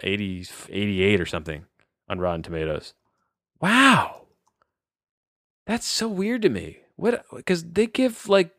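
A young adult man reviewing a film in casual chat, rambling, often cutting himself off and getting excited. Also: medium pitch, no room sound, studio quality. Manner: rambling, self-interrupting, easily excited. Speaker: podcast movie reviewer.

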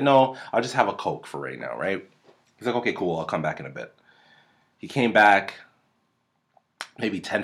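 A man in his thirties hosts a podcast from a home room, speaking close to a desk mic. His lowish voice is a bit bright as he casually tells a rambling story full of profanity.

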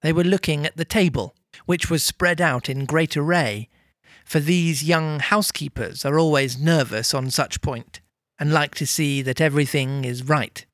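A man reading a novel aloud with lively, amused storytelling. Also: on the high side, moderate pace, dry recording, studio quality. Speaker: reader.

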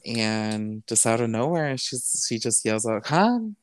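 Speaking at a measured pace, this podcast guest has a lowish, steady, clear, resonant voice with no echo. He earnestly and emotionally retells a personal story, casually moving between English and Spanish with many a "you know."

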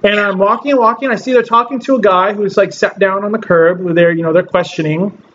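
A man's voice: sits high, steady tone, fast, a bit bright, highs cut off, a little hiss or hum. A man from Southern California hosting a casual podcast chat, telling stories animatedly, acting out quotes and laughing often. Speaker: podcast host.

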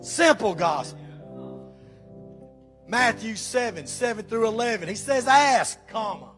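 A man's voice: high-pitched, expressive, measured pace, a bit bright, soft background music. A man preaching a sermon to his church, reading scripture with emphatic praise.

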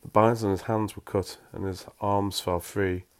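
A man's voice: fairly low pitch, flat delivery, moderate pace. A man reading a story aloud, breaking off for wry, self-mocking asides.

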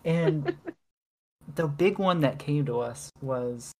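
A woman's voice: low-pitched, expressive, takes it slowly, darkish tone. A woman co-hosting a podcast in casual chat, rambling with lots of filler words and laughing often. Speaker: podcast co-host.

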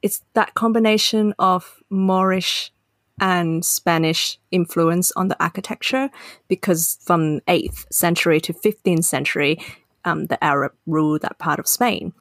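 A woman co-hosting a casual podcast, chatting and explaining her travel memories in a lively storytelling way. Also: on the low side, unhurried, dry recording, studio quality. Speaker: podcast co-host. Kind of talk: casual chat.

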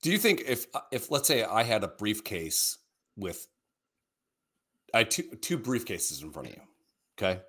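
A man's voice: lowish voice, big pitch swings, normal speed, long pauses, sharp tone, breathy edge. Rambling, crude-talking man. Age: middle-aged. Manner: rambling, laughs often, swears freely. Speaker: podcast co-host. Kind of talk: crude casual chat.

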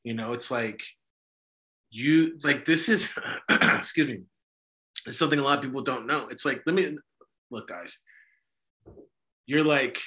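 A bright, clear-toned man talks as a priest in a relaxed faith discussion. He is emphatic and a little preachy, circling back with fillers and restarts. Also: mid-range voice, unhurried, long pauses. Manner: emphatic, preachy, self-interrupting with many fillers. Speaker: Orthodox priest and podcast host. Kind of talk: casual religious discussion.

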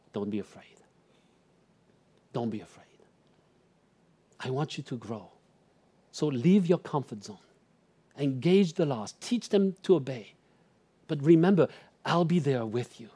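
Emphatic middle-aged male pastor, higher pitch. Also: husky. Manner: emphatic, swings between loud declarations and soft near-whispers. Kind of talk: sermon.

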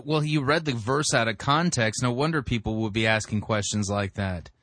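A man commenting critically on a sermon, explaining scripture in a measured way. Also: mid-range voice, a bit bright, a little hiss or hum. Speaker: sermon reviewer.

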